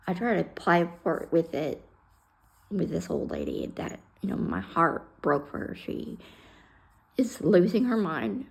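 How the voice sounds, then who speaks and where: A woman's voice: fairly low pitch, creaky, poor audio. A woman casually telling a personal story on her vlog, blunt and heated, swearing freely and sometimes dropping almost to a whisper.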